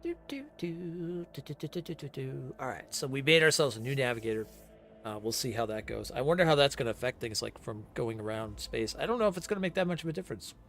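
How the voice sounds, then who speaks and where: A man's voice: mid-range voice, animated, fast, a bit bright, faint music behind. A man streaming a role-playing game, chatting casually and thinking aloud as he plays. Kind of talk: casual gameplay commentary.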